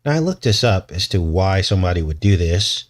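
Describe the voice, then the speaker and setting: A man's voice: low-pitched, big pitch swings, a little fast. A man hosting his own commentary show, talking in a rambling, joking way and chuckling between points. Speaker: channel host.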